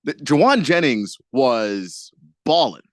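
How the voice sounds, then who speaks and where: A male sports radio co-host who laughs easily and trades lively banter. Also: medium pitch, slow, no room sound, clean studio sound.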